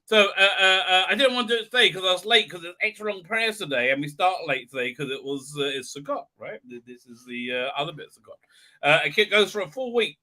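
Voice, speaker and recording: A man's voice: high-pitched, animated, fast talker, sharp tone. A man hosting a live stream, chatting casually in a rambling, sarcastic and self-mockingly grumpy way, swearing freely.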